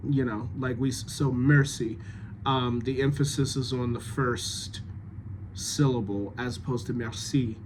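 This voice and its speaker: A man giving dialect notes to actors after a rehearsal, thinking aloud with many pauses and fillers. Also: mid-range voice, a little hiss or hum.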